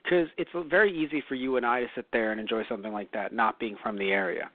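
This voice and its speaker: This New York co-host talks fast in a medium-pitched, steady voice as he chats casually, rambling and correcting himself amid lots of fillers. His recording sounds dry and phone-like, lo-fi and free of room sound.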